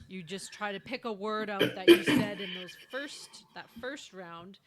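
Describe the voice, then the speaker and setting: A woman co-hosts a board game podcast in easy, casual chat. She sounds cheerful and explains things with a ready laugh in a mid-pitched voice. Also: expressive, measured pace. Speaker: podcast co-host.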